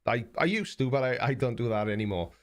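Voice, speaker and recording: A man's voice: mid-range voice, animated. Rambling South Welsh man on a live stream. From South Wales. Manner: rambling, halting, repeats words, blunt and mocking. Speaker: YouTube live stream host. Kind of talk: casual live stream chat reading viewer messages.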